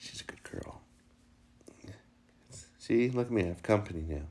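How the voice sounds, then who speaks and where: A man with a low, gravelly voice talks casually at home in a home vlog. He jokes as he goes and slips into cooing baby talk with his puppy. His speech is loose and chatty. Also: wildly swooping pitch, moderate pace, background noise. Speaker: vlogger and dog owner.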